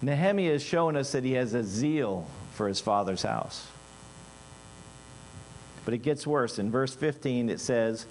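A man preaching a sermon in an animated way, dropping into quiet asides and rising into loud, emphatic bursts. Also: medium pitch, unhurried, pauses often, a little hiss or hum.

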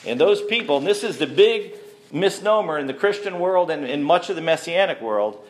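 A man's voice: on the high side, lively intonation, normal speed. Man preaching in an echoey hall. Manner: conversational, asks the congregation questions. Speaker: messianic teacher. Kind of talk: sermon. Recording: echoey room.

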